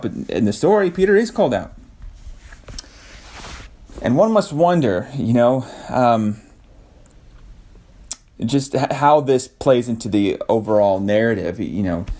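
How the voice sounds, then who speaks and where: A man hosting a casual devotional talk, thinking aloud with restarts and soft laughs. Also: on the low side, lively intonation, normal speed, long pauses. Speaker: podcast host.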